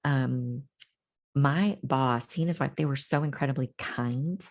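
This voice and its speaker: Low gravelly woman telling her story. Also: unhurried, a little mellow. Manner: candid, reflective, many fillers and restarts. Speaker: guest. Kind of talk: personal story interview.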